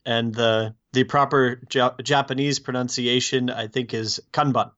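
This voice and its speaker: A man from the United States, a guest on a podcast, explaining things in a measured way with many fillers. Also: medium pitch, steady tone, a bit bright, muffled recording. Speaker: guest, plugin developer. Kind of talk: podcast interview answers.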